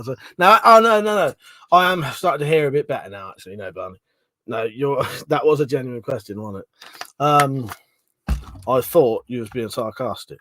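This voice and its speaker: A man's voice: mid-range voice, animated, moderate pace, a bit bright, no echo. A man hosting a casual livestream, rambling, swearing freely, laughing often and greeting viewers by name. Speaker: livestream host. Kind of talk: casual live-stream chat.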